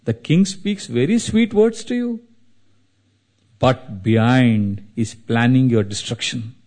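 A man's voice: mid-range voice, expressive, takes it slowly, a little mellow, pitched below the performer's own voice. A man voicing Manthara, an envious, scheming old female servant, in an urgent, warning tone.

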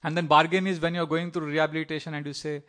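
Middle-aged guy preaching, chatty storyteller, slightly high voice. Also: racing. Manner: animated storytelling, acting out quoted voices; conversational, with fillers and small laughs. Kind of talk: sermon.

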